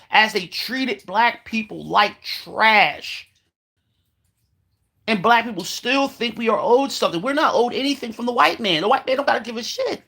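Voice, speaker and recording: A man's voice: high voice, pushed and bright. A man delivering a heated, profane monologue, repeating himself as he rants. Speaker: commentator. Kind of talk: ranting monologue.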